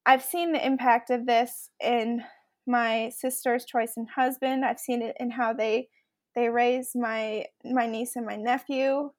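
A woman's voice: a little high, level tone, unhurried. A woman guest on a podcast interview, speaking earnestly and steadily. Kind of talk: earnest conversational talk.

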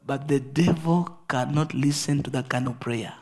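A pastor preaching a fervent sermon, moving between loud rebuking and quiet storytelling. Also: male voice, medium pitch, moderate pace, breathy edge.

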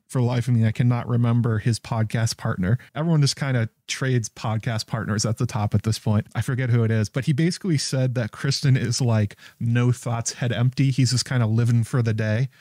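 A man's voice: medium pitch, warm tone, no echo, clean studio sound. A man giving casual, rambling commentary on a TV episode, often chuckling in disbelief. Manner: incredulous, chuckling, rambling with restarts. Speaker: show recap host.

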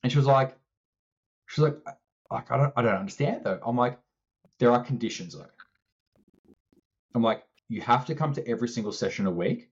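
A man co-hosting a casual podcast, telling an animated story and acting out both sides of the conversation, swearing now and then. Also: mid-range voice, a little fast, pauses often, highs cut off. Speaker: strength coach co-host.

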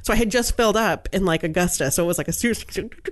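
A woman telling a long story in casual chat, animated and chatty, laughing often and filling her talk with fillers. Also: mid-range voice, fast.

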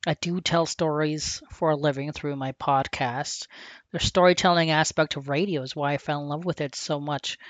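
In clean audio without echo, a mid-range voice narrates from a script: a podcast host from Canada reflects earnestly on a lifelong passion for a sport.

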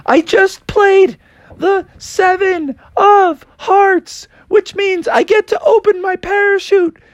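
Storybook frog: small, eager, jittery male frog, very high squeaky voice, put on by a man telling a bedtime story. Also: steady tone, takes it slowly, dry recording. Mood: excited. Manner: squeaky, breathless, exclaiming. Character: excitable little male frog, nervous and eager.

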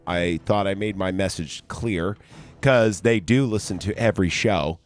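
A man's voice: sits low, a little slow, faint music behind. A man hosting a podcast, telling a story in a casual, heated, profane way and quoting the people involved. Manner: heated, profane, retelling a fight with quoted dialogue. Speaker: podcast host.

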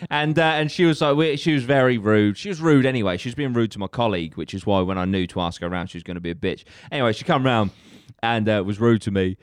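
A young man telling a story on a podcast, animated and sweary, laughing often. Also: on the low side, quick pace, hardly any pauses, clean tone, no echo, clean studio sound. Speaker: podcast co-host. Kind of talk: casual storytelling chat.

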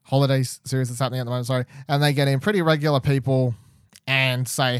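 A man's voice: mid-range voice, brisk, no echo, clean studio sound. A man hosting a podcast in casual, chatty talk, often laughing. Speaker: podcast host.

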